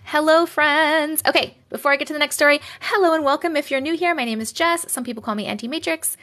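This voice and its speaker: A woman from Long Island, New York, with the accent to match, hosts a live stream in a high, quick, fairly bright voice. She chats casually and reads viewer stories into a phone mic held close or clipped to her shirt. Blunt and talkative, she swears freely.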